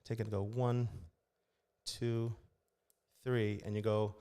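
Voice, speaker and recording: A man's voice: lowish voice, level tone, slow, warm tone. A man who directs a church kids ministry, telling stories in casual podcast chat and acting out children's voices. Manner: storytelling, acts out kids' voices. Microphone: podcast studio mic.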